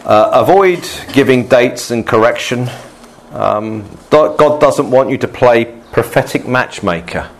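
A male pastor giving a relaxed, good-humoured sermon to his congregation, often laughing and restarting his sentences. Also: mid-range voice, a little slow.

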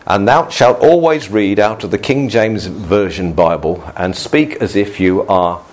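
Guy putting on a pompous prophet voice, slow and solemn, low and droning in thee-and-thou speech. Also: a little hiss or hum, lightly acted. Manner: slow, solemn, drawn-out delivery. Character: pompous man prophesying in old-fashioned scripture English.

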